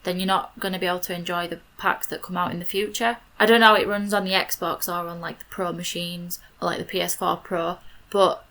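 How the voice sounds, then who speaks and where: A bright, slightly low-pitched woman's voice with a Yorkshire accent. She is in her twenties and rambles chattily through casual game commentary, scattering "like" through her sentences. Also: steady tone, brisk. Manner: chatty and rambling, with many "like" fillers. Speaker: video creator. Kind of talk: casual commentary over a game speed build.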